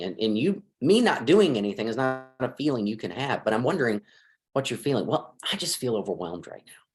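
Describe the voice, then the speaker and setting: A middle-aged man who works as a marriage counselor offers advice in a conversational interview, his mid-range voice moving at a normal pace. He's lively and acts out snippets of quoted dialogue as he goes.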